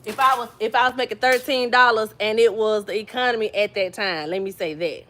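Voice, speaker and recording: A woman's voice: fairly high pitch, fairly even intonation, fairly quick, pushed and bright, slight background noise. A woman from New Jersey chatting casually with viewers on a livestream, telling stories and greeting people by name. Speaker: vlogger hosting a livestream.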